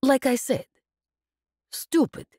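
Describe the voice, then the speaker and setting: A woman narrator voicing a cool, dangerous woman who speaks with measured, mocking calm in an audiobook. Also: no room sound, studio quality, lightly acted. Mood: calm menace. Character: cool, dangerous woman captive, calmly menacing. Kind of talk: audiobook character reading.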